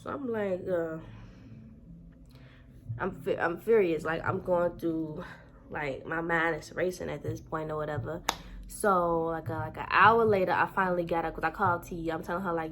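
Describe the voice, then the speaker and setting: A woman's voice: lowish voice, steady tone, normal speed, fairly bright tone, slight background noise. A woman vlogger telling a story to her viewers in a casual, heated way, with a lot of swearing.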